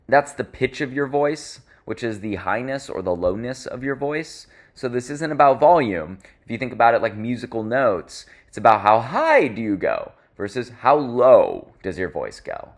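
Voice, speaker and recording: A man teaching public speaking in an instructional talk, stressing key words and shifting his pace and volume to make his points. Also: mid-range voice. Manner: expressive, varies pace and volume for emphasis.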